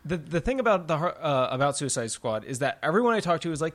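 Guy chatting casually, laughs a lot, keeps restarting, kinda high voice. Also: big pitch swings. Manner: laughs often, halting restarts. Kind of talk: casual chat.

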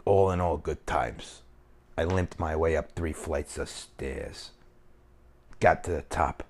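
A man's voice: a bass voice, takes it slowly, a little mellow, exaggerated voice. A man putting on a swaggering, profane New York gangster manner with a put-on New York accent while telling a story at home. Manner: profane, boastful, rambling. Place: home kitchen.

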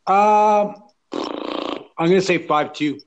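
A man's voice: high voice, slow, clear, resonant tone, muffled recording. Man making dry quips on a podcast. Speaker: podcast co-host. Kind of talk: casual hockey podcast chat.

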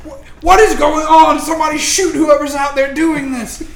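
A man voicing panicked male gate guards who shout warnings and orders. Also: very high voice, fairly even intonation, normal speed, vocal fry, voice pushed up. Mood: alarmed. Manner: shouting commands in alarm. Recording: roomy echo.

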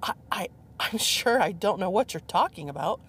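A woman voicing a melodramatic young woman who pleads in a breathy, theatrical way. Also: medium pitch, lively intonation, normal speed, fairly bright tone. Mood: flustered.

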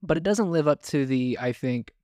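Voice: medium pitch, lively intonation, normal speed, dark tone, dry recording, clean studio sound. A film podcast co-host chatting casually and relaxedly, using fillers like "yeah, no".

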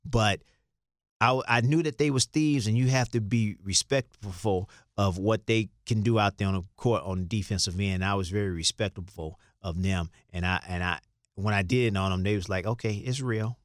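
An older Chicago man, once a basketball player, guests on a casual interview and drifts through stories, restarting and dramatizing what people said. His lowish voice holds a steady tone at normal speed, recorded with studio quality and no room sound.

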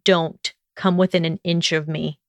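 A woman reading an audiobook and voicing a hostile young wizard who talks low and slow, with a growling edge. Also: level tone, no room sound, clean studio sound. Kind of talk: audiobook character voice.

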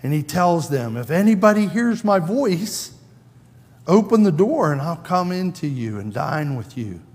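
Man, preacher, sermon, slow deliberate delivery, long church-hall reverb. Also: fairly high pitch, big pitch swings, darkish tone. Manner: conversational, acts out quoted lines in a raised voice. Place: church sanctuary.

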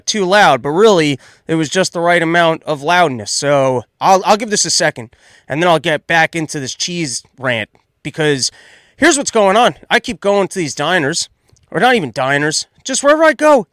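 Male podcast host, 30s, higher voice, loud exasperated comic ranter, dry booth. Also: dry recording. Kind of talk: solo comedic commentary rant.

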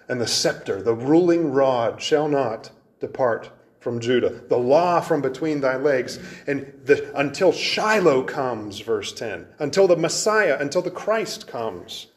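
A man preaching with steady conviction at a medium pitch. He hammers his points through repetition and often slows and sinks lower on key words. It sounds like an expository sermon. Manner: emphatic, repeats phrases, drops low and slows for weight.

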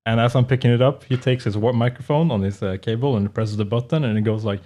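A man's voice: medium pitch, fast, hardly any pauses, darkish tone. A man co-hosting a podcast, telling rambling anecdotes in casual chat and laughing often. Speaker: podcast co-host.

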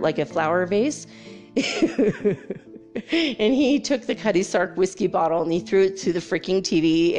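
A woman telling a story in a casual, animated way, laughing often and acting out sounds, then turning it into a life lesson. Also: mid-range voice. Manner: loose and frank, with swearing and fillers.

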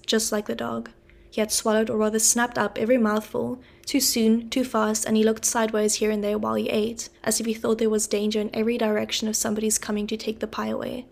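A woman reading a classic novel aloud in an even, steady narrating voice. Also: a little high, gravelly. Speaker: audiobook reader.

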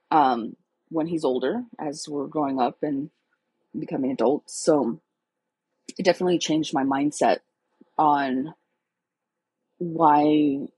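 A woman's voice: low voice, a little mellow, husky, dry recording, poor audio. A woman in her thirties candidly telling her own life story in a casual, emotional, chatty way. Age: 30s.

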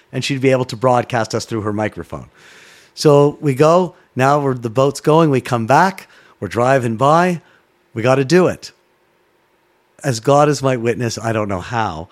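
A middle-aged man from Canada, a former sports broadcaster, telling a story in a casual chat, animated and swearing freely. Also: mid-range voice. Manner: animated, swearing, acts out voices in his stories.

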